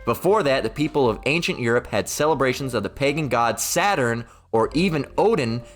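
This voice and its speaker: A man's voice: mid-range voice, animated, brisk, faint music behind. A man hosting a religious commentary video, ranting heatedly and repetitively, swearing and reading passages aloud.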